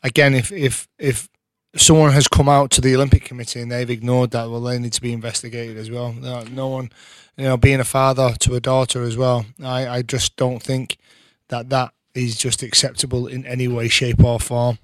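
A man's voice: medium pitch, level tone, normal speed, no echo. A man speaking as a guest on a casual sports chat, earnest and plain-spoken.

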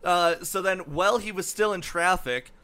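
Over a loud crowd, a man co-hosting a casual comedy podcast reads out a musician's history, telling it with lots of fillers and swearing. His voice is high-pitched and moves at a moderate pace.

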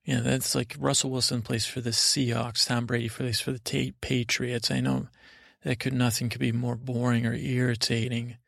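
A middle-aged man hosting a bedtime podcast, rambling slowly through a meandering story with many fillers and restarts. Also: mid-range voice, flat delivery, gravelly, a bit bright, no room sound, studio quality. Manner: slow and unhurried. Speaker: podcast host.

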